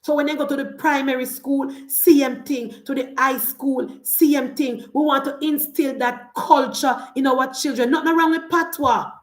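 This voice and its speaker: Jamaican woman in her thirties, fiery political commentator, higher voice, patois-heavy rant, echoey room. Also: fairly even intonation, a little slow, few pauses. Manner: fiery, switches between patois and standard English.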